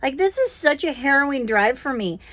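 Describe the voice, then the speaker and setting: A woman casually telling a personal story with animated, prayerful, self-deprecating energy. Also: high voice, normal speed, no room sound.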